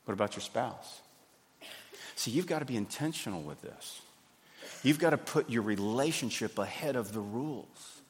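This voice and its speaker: A man, preaching a sermon in a folksy, animated way. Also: medium pitch, moderate pace. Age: 50s. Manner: folksy, animated, acts out little scenes. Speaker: pastor. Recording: hall reverb.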